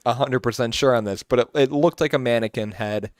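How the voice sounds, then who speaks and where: A man's voice: medium pitch, brisk, no echo, clean studio sound. A man co-hosting a casual podcast, easygoing, laughing often and dropping in short reactions. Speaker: podcast co-host. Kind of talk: casual chat.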